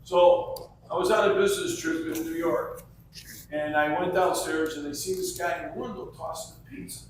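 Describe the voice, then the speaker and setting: A man telling an animated anecdote and acting out the voices of the people in it. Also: a little high, normal speed, noisy background. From Chicago. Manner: acts out the voices in his story. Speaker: restaurant customer. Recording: echoey room, far from mic.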